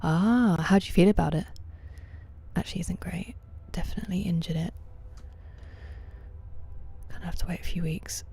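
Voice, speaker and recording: Low mellow-voiced woman chatting to stream viewers. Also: moderate pace, long pauses, breathy edge, soft background music. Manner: reads viewers' names and answers chat comments, often dropping to a half-whisper. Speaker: livestreamer. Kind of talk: casual chat with viewers while gaming.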